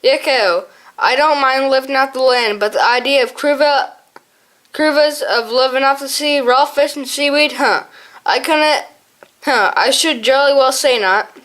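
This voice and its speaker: A woman's voice: sits high, unhurried, a bit bright. A woman voicing a hungry, talkative young male hare with a posh, exclaiming manner, in an audiobook. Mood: chatty.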